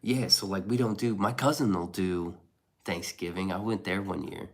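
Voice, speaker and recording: A man's voice: sits low, steady tone, normal speed. A man streaming casual chat, rambling and swearing as he reads and answers his chat. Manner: rambling, profane, laid-back. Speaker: live streamer reading chat.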